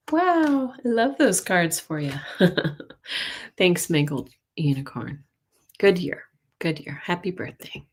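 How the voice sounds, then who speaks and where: A woman with a slightly low voice gives tarot readings to viewers on a live stream. She talks in a chatty, hesitant way, full of fillers and little laughs, and sounds gentle and reassuring. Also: slight background noise. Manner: warm reassuring intuitive tone. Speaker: intuitive reader, stream host.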